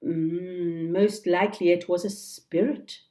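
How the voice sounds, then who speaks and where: A woman's voice: steady tone, slow, warm tone. A woman reading a storybook and voicing a nervous, simple-minded male pirate who stammers and speaks shakily. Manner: stammering, shaky, a little higher.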